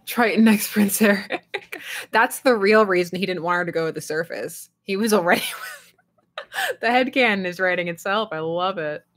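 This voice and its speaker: A young woman with a mid-range, fairly bright voice live streams at a moderate pace, chatting casually with her viewers. She rambles and laughs often, reading chat messages aloud and answering them.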